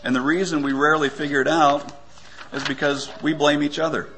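A man giving a conversational sermon, often pausing with fillers and stumbling for words. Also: on the high side, flat delivery, gravelly, fairly bright tone, slight background noise. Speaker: preacher.

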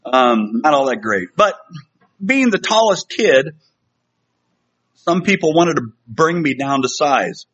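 A man's voice: fairly high pitch, expressive, slow pace, pauses often, fairly bright tone. A middle-aged man preaching a sermon to a congregation in a conversational, self-deprecating way, with fillers and restarts. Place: church sanctuary. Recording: slightly dull lo-fi sound.

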